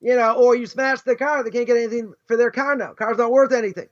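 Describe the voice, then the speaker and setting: A man's voice: very high voice, fairly even intonation, fast talker. A middle-aged man from the United States, a rabbi teaching a casual, conversational lesson, full of rhetorical questions and "right?" and "you know". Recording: dull lo-fi recording.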